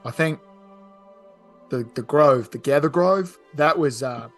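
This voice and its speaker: Higher-voiced playful man at a game table. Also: faint music behind. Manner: playful, laughing, quick asides. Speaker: player.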